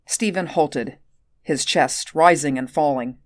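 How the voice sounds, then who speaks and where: Low-voiced woman reading a story. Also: slow, dry recording, clean studio sound. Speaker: narrator. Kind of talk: audiobook narration.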